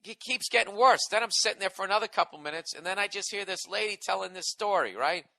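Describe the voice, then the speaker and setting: A man tells a comic story in a profane, exasperated rant full of sarcasm. His voice is bright and forceful and sits a bit high, recorded dry and close. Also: expressive, fast talker, vocal fry, dry recording. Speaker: comedian podcast host.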